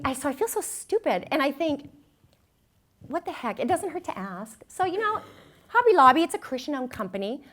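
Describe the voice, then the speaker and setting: Woman, sermon speaker, storytelling, self-mocking, slightly high voice.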